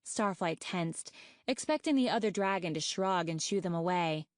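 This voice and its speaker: Steady female audiobook narrator, close dry read. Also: on the low side, moderate pace, no room sound. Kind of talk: scripted narration.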